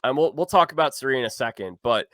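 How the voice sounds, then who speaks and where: A man hosting a casual interview, asking questions in a relaxed, conversational way. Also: medium pitch, fast, dry recording. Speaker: host.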